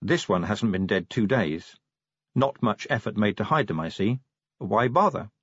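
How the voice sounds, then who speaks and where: A man voicing a gruff, prickly female werewolf sergeant who talks bluntly and curtly. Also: lowish voice, lively intonation, normal speed, fairly bright tone, no echo. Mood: brusque. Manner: blunt and curt. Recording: dull lo-fi recording.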